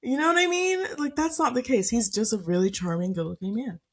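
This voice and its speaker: A woman's voice: a little high, brisk, husky. A woman co-hosting a casual podcast chat, laughing often and talking with plenty of fillers. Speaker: podcast co-host.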